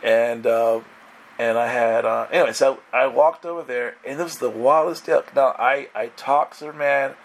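A man's voice: mid-range voice, moderate pace. A man preaching, telling a story animatedly with laughs and frequent restarts. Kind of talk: sermon storytelling.

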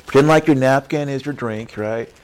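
A man preaching a lively sermon, acting out churchgoers in quick character voices and tagging lines with "right?". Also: medium pitch. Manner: acts out church members in character voices, says "right?" often. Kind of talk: animated sermon.

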